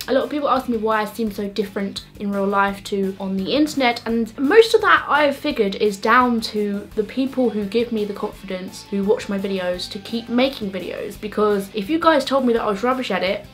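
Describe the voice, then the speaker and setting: A woman answering viewer questions in a casual vlog to camera, chatty and self-mocking, with quick joking asides. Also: mid-range voice, a bit bright, faint music behind.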